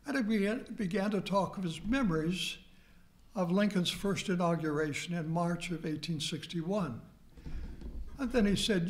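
An older man, a history professor, telling a story in a lecture, slow and deliberate, acting out quoted dialogue. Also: high voice, expressive, a little hiss or hum.

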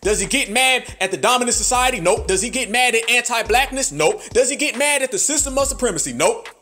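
Fiery preachy man with a high voice. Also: animated, quick pace, pushed and bright, slight background noise. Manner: preachy, repetitive rhetorical questions, profane slang. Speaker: podcast host. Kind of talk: fiery monologue.

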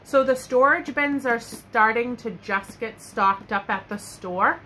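A woman's voice: on the high side, measured pace, pushed and bright, a little hiss or hum. A young woman gushing enthusiastically as she shows off her shopping haul, speaking casually from her bedroom at home. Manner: gushing and enthusiastic, many likes and loves. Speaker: haul vlogger. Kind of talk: casual product show-and-tell.

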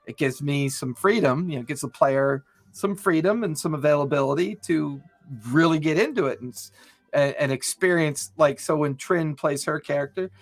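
A man's voice: a little high, normal speed. A man co-hosting a podcast, chatting casually and enthusiastically about tabletop role-playing in long rambling runs. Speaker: podcast co-host.

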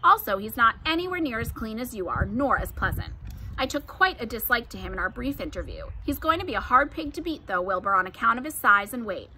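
A wise, gentle female spider from a read-aloud storybook, as a woman reads her part. She speaks politely and in measured phrases. The voice sits a little high, bright and clear. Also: big pitch swings, a little hiss or hum, rough recording. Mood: dry. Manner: polite, measured, later weary.

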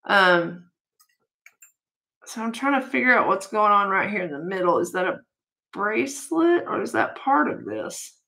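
A woman vlogger sorting through a jewelry haul in an excitable, gushing way, chatting to her viewers. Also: mid-range voice, a little slow, vocal fry, long pauses. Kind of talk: casual unboxing chat.

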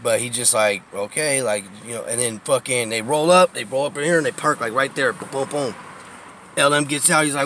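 A man's voice: medium pitch, normal speed, a little hiss or hum. A profane man telling neighborhood stories. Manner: profane, laughing, animated storytelling. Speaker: vlogger giving a neighborhood tour. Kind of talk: casual storytelling while driving. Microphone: phone camera.

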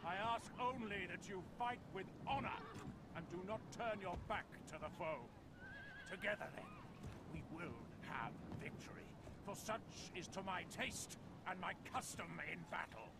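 A man's voice: high voice, lively intonation, normal speed. An actor voicing a noble medieval war leader who rallies his troops in a formal, solemn way. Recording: loud game noise behind.

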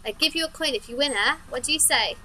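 A woman's voice: high voice, fast talker, bright, forceful tone, slight background noise, rough recording. A woman voicing a very old, playful creature in a horror game who speaks in rhymes. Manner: sing-song rhyming speech.

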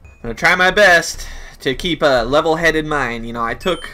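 A man giving live gameplay commentary, excitable and swearing heavily, often yelling in frustration. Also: fairly high pitch, moderate pace, soft background music. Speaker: let's play gamer.

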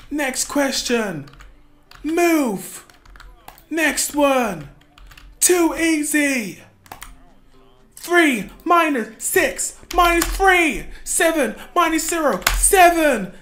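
A woman playing a boastful, impatient pro gamer in a comedic gameplay skit, often shouting. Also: high-pitched, heavily acted. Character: cocky show-off pro gamer, young.

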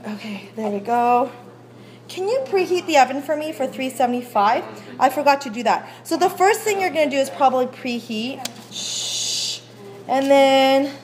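A woman teacher leading a baking demonstration in a school classroom kitchen, chatty and often checking that her students follow, recorded on a phone. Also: high voice. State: out of breath while rolling dough.

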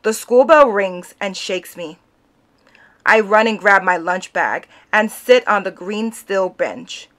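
A woman reads a children's picture book aloud, narrating expressively like a storyteller. Her mid-range voice moves at a slow pace.

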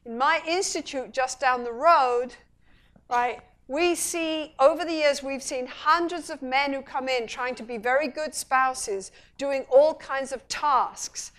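High-voiced woman giving a lively lecture. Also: measured pace. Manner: animated storytelling, acting out dialogue. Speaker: couples therapist giving a public talk. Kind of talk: public lecture.

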